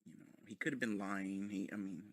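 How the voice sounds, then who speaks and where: A man's voice: deep voice, fairly even intonation, fairly quick, a bit bright. A man ranting in a sarcastic, mocking commentary full of profanity. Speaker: commentary video host.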